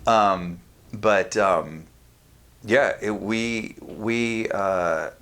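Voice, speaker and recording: A middle-aged man from California telling stories in a casual podcast chat, animated and swearing freely. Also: fairly low pitch, drawn-out words. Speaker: podcast guest.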